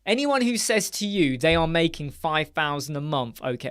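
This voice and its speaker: Male live-stream host, slightly higher voice, chatty and blunt, casual. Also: very animated, normal speed, hardly any pauses, a bit bright, clean tone. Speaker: live-stream host answering chat questions. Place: home studio.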